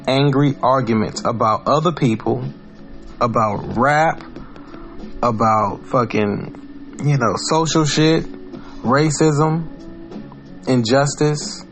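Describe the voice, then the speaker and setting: Blunt, profane man musing aloud. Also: fairly high pitch. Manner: blunt, profane, rambling with restarts. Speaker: podcast host. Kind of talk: casual monologue.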